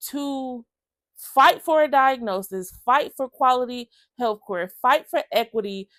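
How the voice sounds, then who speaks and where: A woman's voice: high-pitched, measured pace, no echo. A woman telling her own story to camera in a casual vlog, emotional and chatty, speaking straight to her viewers. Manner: emotional, lively storytelling that acts out other people's lines; chatty, addresses viewers as y'all.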